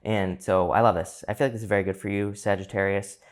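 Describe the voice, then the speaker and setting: A man's voice: fairly low pitch, steady tone, quick pace. A man giving a casual tarot card reading to his viewers, chatty and loose, with fillers and restarts. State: hiccups. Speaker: tarot reader.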